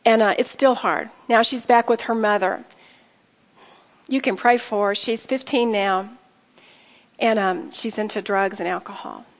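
A woman's voice: mid-range voice, moderate pace. A middle-aged woman giving an earnest, heartfelt personal testimony, speaking directly to her listeners. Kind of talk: emotional personal testimony to an audience. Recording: long hall reverb.

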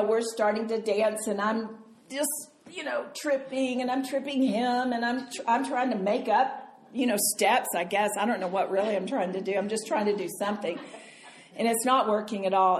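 Older female Bible teacher, animated storyteller, roomy hall sound with faint noise. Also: mid-range voice. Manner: animated, chatty storyteller who laughs often. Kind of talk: storytelling sermon.

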